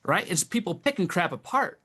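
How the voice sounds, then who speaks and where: A middle-aged man, a creature puppet maker, talking as a guest in a casual podcast chat, telling stories in an animated, exasperated way. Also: high-pitched, brisk, husky.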